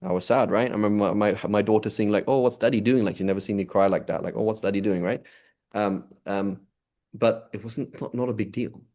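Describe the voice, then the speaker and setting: Low-voiced man teaching an informal religious class. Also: fairly even intonation, a little fast, darkish tone. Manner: conversational, repetitive, asks "right?" often. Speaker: Islamic teacher.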